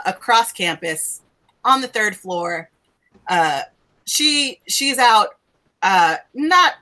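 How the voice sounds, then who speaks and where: A woman's voice: a little high, pushed and bright. A woman running a tabletop game as game master. She narrates casually, laughs often and swears freely.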